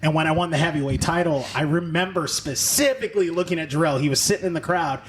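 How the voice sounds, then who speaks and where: Animated storytelling man, faint noise. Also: a little high, fast talker. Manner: animated storyteller, laughs often. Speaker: podcast host. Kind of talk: casual interview chat.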